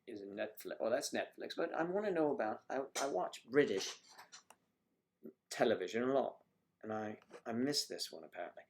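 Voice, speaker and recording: An older man hosting a casual livestream, chatting with viewers in a teasing way and dropping into soft asides. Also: medium pitch, lively intonation, moderate pace, slight background noise. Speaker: livestream host. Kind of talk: casual chat reading viewer comments. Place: home livestream.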